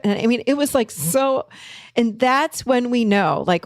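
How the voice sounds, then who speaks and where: A woman therapist with a higher-pitched voice chats casually with her audience at a moderate pace, telling a story about a client and animatedly acting out the people in it. The recording is dry, with clean studio sound.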